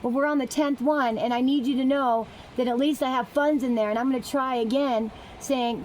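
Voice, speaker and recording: A woman's voice: high-pitched, steady tone, a little mellow, a little hiss or hum. A woman delivering an angry, agitated monologue full of swearing, her sentences tumbling over each other. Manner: agitated, heavily profane, fast tumbling sentences. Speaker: vlogger.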